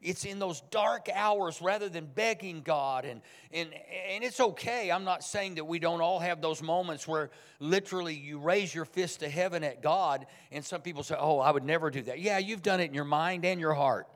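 A man's voice: fairly high pitch, normal speed, few pauses, fairly bright tone, long reverb tail. A man preaching a sermon as pastor, speaking in a conversational but emphatic way. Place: church sanctuary.

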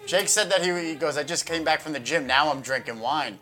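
A man's voice: fairly high pitch, fairly quick, sharp tone. A man bantering crudely on a casual comedy podcast.

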